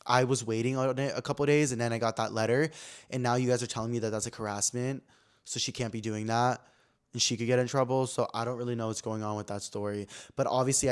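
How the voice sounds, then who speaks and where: A young man hosting a casual podcast, telling a story animatedly and acting out quoted lines in a high, excited voice. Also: fast, smooth. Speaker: podcast host.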